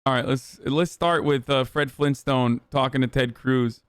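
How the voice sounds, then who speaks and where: A man's voice: mid-range voice, steady tone, measured pace, clean tone, no echo. Profane, rambling male streamer. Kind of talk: casual livestream commentary.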